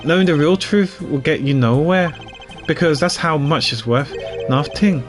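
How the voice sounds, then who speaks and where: A man's voice: fairly high pitch, moderate pace, faint music behind, natural voice. A man voicing a smug older male chairman villain who taunts and belittles a prosecutor in a game. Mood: gloating. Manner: condescending, taunting.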